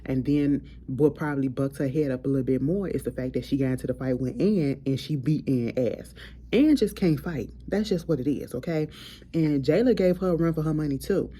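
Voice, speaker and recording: A woman hosting a casual, profane chat, recapping reality TV in a blunt, animated way. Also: sits low, a little fast, a little hiss or hum. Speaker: host.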